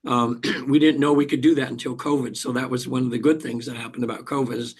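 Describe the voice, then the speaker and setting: An older man, a hypnotherapist guest, tells a personal story in an interview, halting with frequent restarts and throat clearing. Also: medium pitch, steady tone.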